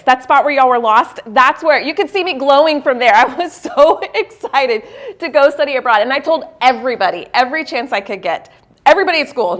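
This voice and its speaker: A woman speaking live at a university event, telling a personal story in a motivational keynote. Her voice sits a little high. She is animated and self-mocking, laughs easily, and sinks into a slower, earnest register when she makes her point. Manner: slows and drops into a low, earnest voice for the lesson.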